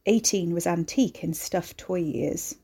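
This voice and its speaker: A woman reading scripted horror story narration in a measured, deliberate way. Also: lowish voice, warm tone, husky.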